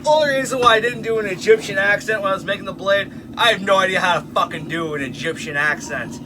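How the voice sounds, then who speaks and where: A man's voice: high voice, quick pace, background noise. A man vlogging in his workshop while he works, joking around, exclaiming often and swearing a lot. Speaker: swordsmith. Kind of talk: casual workshop vlog.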